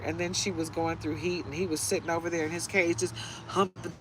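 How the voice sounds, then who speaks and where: This tarot reader's voice sits low, with fairly even intonation and a slightly quick delivery. Chatty and quick to laugh, she keeps the live reading casual and drifts into meandering tales, with faint traffic noise humming behind her.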